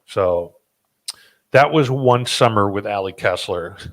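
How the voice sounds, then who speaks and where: A lowish male voice in casual podcast conversation, full of ums and restarts as he tells a story. He laughs at himself along the way. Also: animated, slow. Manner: rambling with fillers and restarts, self-deprecating laughs. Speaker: podcast host.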